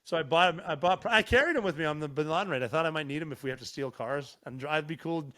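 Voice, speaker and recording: A fast-talking man whose voice sits on the high side tells stories as a podcast guest. Middle-aged and from Montana, he chats casually, animated and heavy on profanity.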